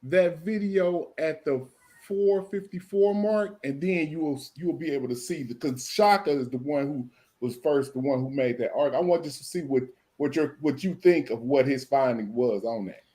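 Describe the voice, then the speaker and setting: A man taking part as a guest in a casual live stream discussion, speaking directly and giving brisk instructions. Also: on the high side, mellow.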